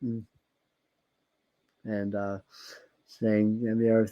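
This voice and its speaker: A man hosts a tarot livestream, chatting casually and rambling with many restarts and repeated words. His voice is medium-pitched, steady and unhurried, and the recording has its highs cut off.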